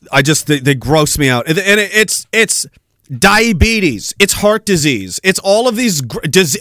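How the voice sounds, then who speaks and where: A man's voice: sits high, bright, forceful tone, no room sound. A man hosting a podcast, delivering a crude, profane, mocking rant. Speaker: podcast host. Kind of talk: ranting commentary.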